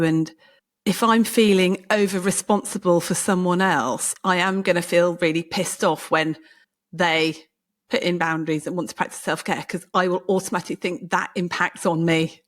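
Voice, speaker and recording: A woman's voice: on the low side, moderate pace. A woman hosting a podcast interview, talking casually, laughing often and joking at her own expense. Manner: lively, laughs often, self-mocking. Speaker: podcast host.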